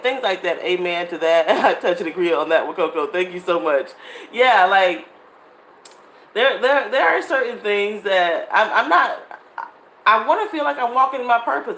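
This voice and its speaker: A woman's voice: medium pitch, fairly bright tone. A woman, chatting casually and animatedly with her viewers and laughing often. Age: 30s. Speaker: vlogger. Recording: echoey room with faint ambience.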